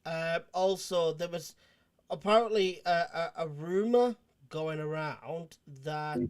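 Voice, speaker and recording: A man's voice: a little high, slow pace, clear, resonant tone. A man hosting a casual livestream, rambling and joking between restarts. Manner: rambling, restarts, jokey asides. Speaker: host.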